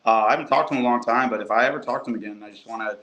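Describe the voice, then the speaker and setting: A young adult man, a college football coach, talks earnestly as a guest on a podcast. He keeps a medium pitch, fills his speech with "you know" and often restarts his sentences. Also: racing, a bit bright, poor audio. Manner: earnest, lots of fillers and restarts. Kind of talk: casual podcast conversation.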